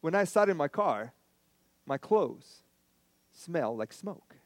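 A man's voice: on the high side, big pitch swings, slow, darkish tone, dry recording. A man preaching a sermon as pastor, telling stories in a conversational way and repeating lines for emphasis.

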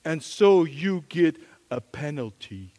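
A middle-aged male pastor preaching a story-driven sermon, animated and acting out the voices in his anecdotes. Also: on the high side, slow pace. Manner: animated, acts out quoted voices, chuckles at himself. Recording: long reverb of a large hall.

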